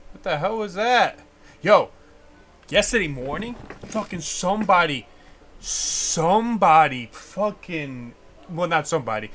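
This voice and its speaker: A young American man hosts a casual livestream, rambling and ranting with frequent swearing. His voice is on the high side and a bit bright.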